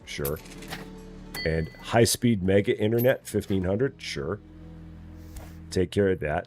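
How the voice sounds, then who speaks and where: Male streamer, low voice with lively swings, casual chatty commentary, faint music behind. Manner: chatty, mutters quietly to himself while working. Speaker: game streamer. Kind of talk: casual live gameplay commentary.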